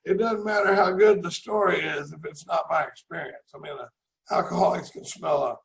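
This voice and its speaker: A man's voice: high-pitched, moderate pace, vocal fry, echoey room, low-quality recording. A middle-aged man giving a rambling, folksy recovery talk over a video call, often repeating his words. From Dallas, Texas. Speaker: recovery meeting speaker.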